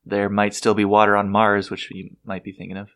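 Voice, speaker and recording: Dry, matter-of-fact low-voiced man. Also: completely flat delivery, a little fast, fairly bright tone. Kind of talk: casual comedic chat.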